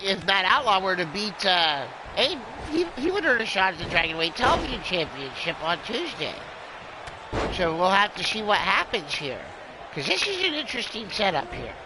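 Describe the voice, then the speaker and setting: A man's voice: sits high, noisy background. A man calling a wrestling game as a rambling, jokey streamer who plays a drunken clown persona. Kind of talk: excitable play-by-play game commentary.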